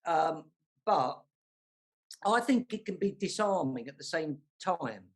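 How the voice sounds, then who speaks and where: London-accented panel guest, high voice, talks in a loose, frank ramble. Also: male voice, animated, takes it slowly. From south London. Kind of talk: casual panel discussion.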